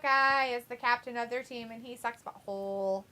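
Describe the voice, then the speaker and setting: A woman's voice: on the high side, steady tone, unhurried, pushed and bright. A young woman casually hosting a live watch-along stream, reading chat aloud with playful, giggly asides. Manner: giggly, playful, sing-song outbursts.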